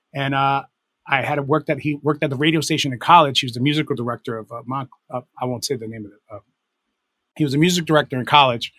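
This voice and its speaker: A middle-aged man with a husky, medium-pitched voice recounts stories as a guest in a relaxed interview. He meanders, restarts his sentences and corrects himself, and the recording is dry and close. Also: no echo. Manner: rambling, self-correcting anecdotes with many fillers. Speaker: guest, DJ and producer. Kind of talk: casual storytelling interview.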